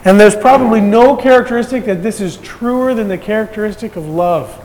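A man's voice: high voice, a little fast, a little mellow, long reverb tail, poor audio. A man preaching a sermon as pastor, talking in a conversational way with light humor.

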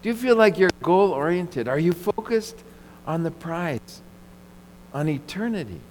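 A man's voice: on the high side, expressive, measured pace, darkish tone, slight background noise. A man preaching a sermon as pastor, emphatic, repeating his phrases and asking the congregation questions. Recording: long hall reverb.

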